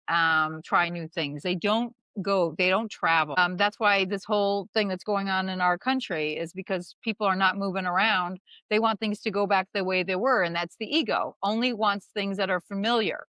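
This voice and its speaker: A woman in casual podcast chat, rambling and animated, with a lot of "you know" filling out her thoughts. Her pitch is mid-range for a woman, and the sound is dry and close. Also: no echo. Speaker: guest comedian and acting teacher.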